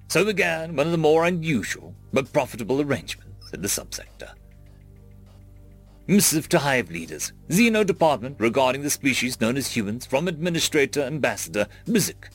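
A man narrating a story in a measured, expressive storytelling style. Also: mid-range voice, breathy edge, soft background music.

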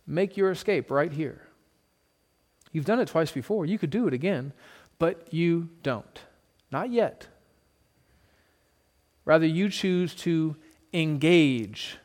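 A pastor preaching a sermon, retelling a scene in vivid second person with dramatic pauses. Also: male voice, fairly high pitch.

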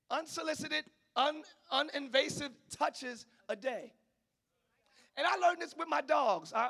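Male preacher; bright, sharp tone, animated delivery with sudden shouts. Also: very high voice, vocal fry. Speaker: pastor. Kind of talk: sermon.

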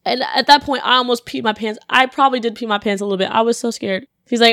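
Animated young woman podcast host. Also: high voice, fairly quick, no echo, clean studio sound. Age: young adult. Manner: animated, acts out quoted voices, laughs often. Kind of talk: casual storytelling monologue.

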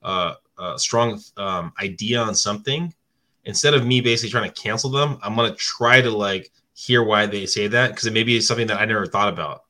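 A man's voice: lowish voice, fairly quick, bright, forceful tone. A man co-hosting a podcast in casual chat, rambling with many restarts and hedges. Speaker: podcast co-host.

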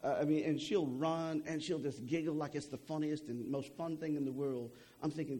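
A man's voice: fairly high pitch, fairly even intonation, moderate pace, hardly any pauses, dark tone. A young adult man preaching a sermon in a conversational way, often checking in with "okay?" and repeating words as he goes.

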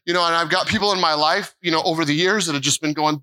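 An American man in mid-life preaches from a church platform, his voice ringing and brightly forceful. He sits a touch high for a man and tells his story in emphatic bursts, stumbling over restarts and repeating lines for weight. He acts out the dialogue as he goes. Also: rapid-fire, few pauses, rough recording. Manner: animated storytelling with repeated phrases and quoted dialogue. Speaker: pastor. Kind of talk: sermon. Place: church sanctuary.

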